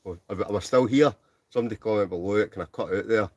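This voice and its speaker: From inside a tent, a Scottish host in his forties reads viewer comments on his casual livestream, speaking briskly in a rather low voice. He laughs a great deal and mumbles a little, all captured in a dry recording.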